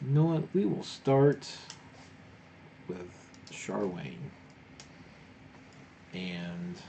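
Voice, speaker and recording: A man's voice: sits low, very animated, very slow, gravelly, dark tone, slight background noise. A man running a tabletop game as game master, recapping and narrating in a laid-back way.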